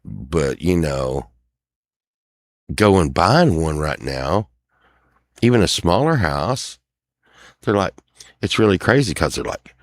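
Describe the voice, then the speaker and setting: A man's voice: low-pitched, animated, unhurried, long pauses, no echo, clean studio sound. A middle-aged man rambling and venting on his own show, acting out other people's lines as he complains. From Texas. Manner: sings a few lines softly. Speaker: show host. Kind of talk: casual rambling monologue.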